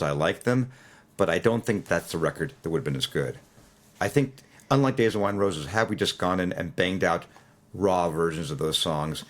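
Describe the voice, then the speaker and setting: A man in his sixties, a musician guest, telling stories in an interview, animated and acting out quoted lines. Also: low voice. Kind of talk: storytelling interview.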